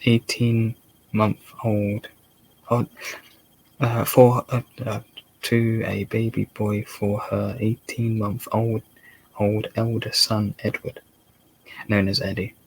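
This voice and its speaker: A man with a Dorset accent doing a slow ASMR book reading, halting and rereading words as he goes. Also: lowish voice, flat delivery, slight background noise, poor audio. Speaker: channel host reading a book aloud.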